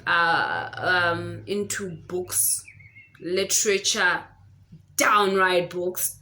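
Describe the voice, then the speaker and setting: A woman's voice: fairly low pitch, fairly even intonation, drawn-out words, pushed and bright, a little hiss or hum. A woman, chatting casually and gushingly to camera while reviewing a book at home. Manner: chatty and gushing, lots of fillers. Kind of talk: casual vlog chat. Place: home near a busy road.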